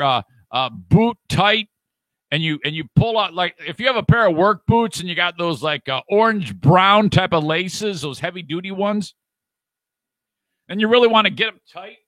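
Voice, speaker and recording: A man's voice: a little high, bright, forceful tone, dry recording. A man hosting a podcast, talking in a rambling, profane and jokey way. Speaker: podcast host. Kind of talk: casual podcast chat.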